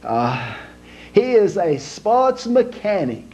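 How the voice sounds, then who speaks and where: A man voicing a boastful older Italian father in broken English, with a put-on Italian accent and a halting, stammering delivery. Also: sits high, very animated, a little mellow, pitched above the performer's own voice, heavily acted. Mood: proud, bragging. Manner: halting, stammering, slow drawl. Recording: dull lo-fi home recording with faint hum.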